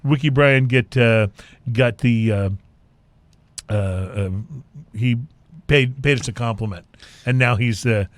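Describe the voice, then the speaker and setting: A man's voice: medium pitch, no room sound. Dry-voiced man hosting a whisky show. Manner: halting, many fillers and restarts. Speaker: podcast host. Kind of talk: casual chat.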